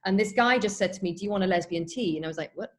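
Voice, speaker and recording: A woman's voice: mid-range voice, very fast. Playful British woman host. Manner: teasing, playful. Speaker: podcast host. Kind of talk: casual chat.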